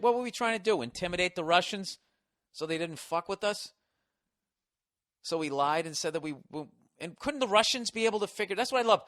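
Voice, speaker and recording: A man's voice: high-pitched, fairly bright tone, no echo, studio quality. A man streaming, telling a story in a crude, swearing casual rant and stumbling over repeated words.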